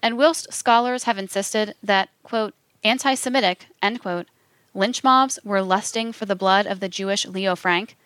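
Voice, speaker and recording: A woman reading scripted documentary narration in a measured, formal way. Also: mid-range voice, fairly bright tone, clear, resonant tone, no room sound. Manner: measured, reads quotations aloud with formal announcements.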